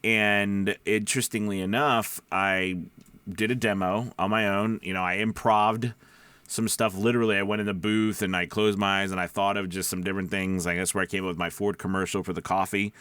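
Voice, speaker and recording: Voice-over pro, male, low throat-placed delivery, rambling advice, dry close mic. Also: little pitch movement, fairly quick, fairly bright tone, clear, resonant tone, no echo. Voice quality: speaks low from the back of the throat. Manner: rambling, drifts off topic and back. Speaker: voice-over actor. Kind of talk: casual advice talk to camera. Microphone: studio microphone.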